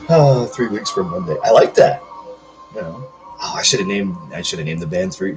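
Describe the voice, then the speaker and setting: A man's voice: low-pitched, moderate pace, music in the background, poor audio. A man in his thirties chatting casually on a livestream, reading out comments in a rambling, self-joking way. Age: 30s. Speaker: livestream host.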